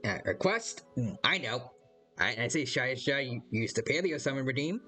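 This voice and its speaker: A man's voice: mid-range voice, expressive, moderate pace, sharp tone, soft background music. A man chatting casually on a live stream while playing a game, rambling and hesitant, reading out viewers' chat and greeting them by name.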